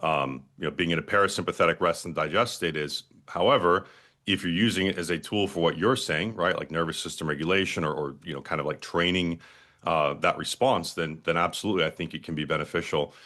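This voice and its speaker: A man's voice: sits low, fairly quick, pushed and bright. A man hosting a casual podcast conversation, explaining points in an easygoing way with tag questions. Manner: explanatory, calls himself wired and amped. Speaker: podcast host.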